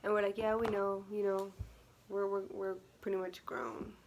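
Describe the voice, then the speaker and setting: A woman's voice: medium pitch, level tone, moderate pace, creaky, slight background noise. A young woman vlogging casually, chatty and full of fillers, acting out what people said. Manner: chatty, many fillers and laughs, acts out quotes. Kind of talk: casual storytime vlog.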